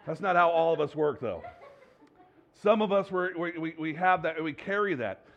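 A pastor delivers a sermon in a relaxed, chatty way, rambling at a moderate pace with lots of fillers and frequent sentence restarts. His voice is fairly high, and he jokes with the congregation and pokes fun at himself. The audio is dull and slightly muffled, with a little hiss or hum.

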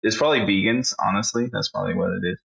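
Low, bright-voiced profane podcast guy. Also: very fast, creaky, muffled recording. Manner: profane, blunt, reads out a list. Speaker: podcast co-host. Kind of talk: casual podcast chat.

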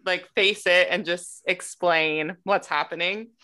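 A woman's voice: fairly low pitch, fairly even intonation, slow, sharp tone. A woman hosting a casual conversation, giving short agreeing remarks. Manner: responsive, brief agreeing remarks.

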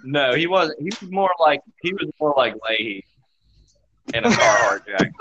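A man tells a rambling, profane story with lively energy at an ordinary pitch. The recording is dull and lo-fi, with the top end rolled off. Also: normal speed, background noise. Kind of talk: casual storytelling chat.

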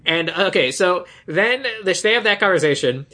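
A woman co-hosts a casual podcast recap, her voice bright and ringing. She talks fast and loose, jumping into quick impressions of the movie lines. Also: fairly low pitch. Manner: animated, acts out quoted lines. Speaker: podcast co-host.

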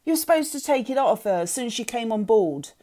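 A woman reading aloud and voicing a sharp, bossy female criminal who shouts and snaps orders. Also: a little high, lively intonation, fast, voice pushed up, natural voice. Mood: shouting. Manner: shouting, snapping.

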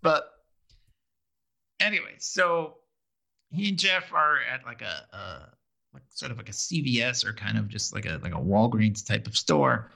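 A man's voice: mid-range voice, sing-song, measured pace, creaky, sharp tone. A man co-hosting a podcast, casually recapping a TV episode in a rambling way with lots of fillers and restarts. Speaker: podcast co-host.

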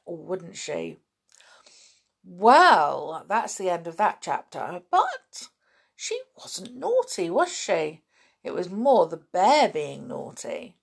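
A woman reading a children's story aloud, gentle and chatty with asides. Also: lowish voice. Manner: gentle, chatty asides, clears throat often.

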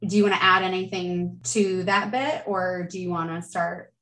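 A woman's voice: on the low side, fairly even intonation, normal speed. A woman in her thirties hosting a podcast, chatting casually and encouragingly with her daughter. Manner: warm, encouraging, chatty with frequent laughs. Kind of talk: casual conversational interview. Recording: echoey room.

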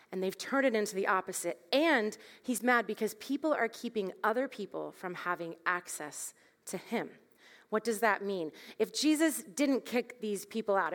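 A woman in her thirties telling a candid, self-deprecating parenting story as part of a sermon, laughing at herself as she goes. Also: medium pitch. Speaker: speaker at a church gathering. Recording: long hall reverb.

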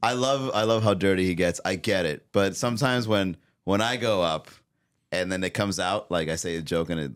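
A male comedian chats on a podcast in a somewhat low voice. He rambles loosely and circles back, with lots of fillers and restarts. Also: a little fast, smooth. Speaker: comedian guest. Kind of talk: casual podcast chat.

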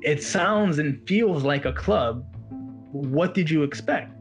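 A man working as a walk-around magician, telling a story in an animated, casual chat. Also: fairly high pitch, slow pace, faint music behind. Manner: animated, quotes others in his story.

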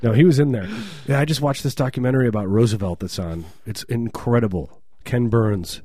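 Husky dark-voiced man riffing jokes. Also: mid-range voice, brisk, dry recording, clean studio sound. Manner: jokey, riffing, mock voices. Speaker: podcast co-host. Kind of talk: casual comedic banter.

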